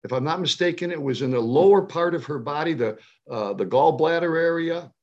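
Here a health and nutrition speaker, a man in his 70s from around Cleveland in the US, tells a personal tale fairly quickly with lively intonation. Emphatic and passionate, he rises to a high pitch when moved. The tone is darkish, with the highs cut off.

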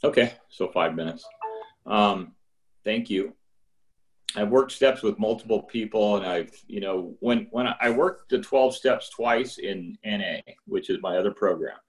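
A middle-aged man giving a candid, rambling personal testimony at a recovery meeting, with restarts along the way. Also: unhurried. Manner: candid and rambling, with restarts, acting out phone calls in higher voices. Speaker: speaker sharing at a recovery meeting.

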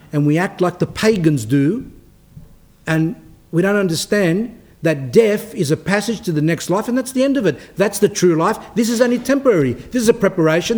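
Rambling priest, somewhat high voice. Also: male voice, darkish tone. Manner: rambling, anecdotal, with frequent restarts. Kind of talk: spoken sermon talk.

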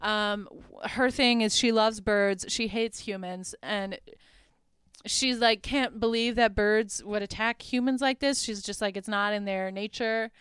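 A woman's voice: a little high, steady tone, a little slow, fairly bright tone, smooth, dry recording, studio quality. Chatty young woman recapping a movie. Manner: chatty, lots of "like", laughs at her own asides. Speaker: podcast host.

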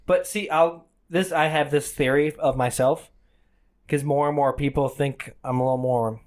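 Guy cohosting a comedy podcast, a bit high voice, rambles and trips over his words. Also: fairly even intonation, moderate pace. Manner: rambling, self-deprecating, stumbling restarts. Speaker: podcast co-host. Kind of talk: casual comedic chat.

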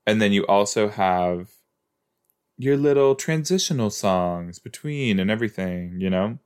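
Male podcast host, unhurried, lively intonation, chatty and self-questioning. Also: lowish voice, clean tone. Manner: rambling, self-questioning, musing aloud. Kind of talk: casual watch-along commentary.

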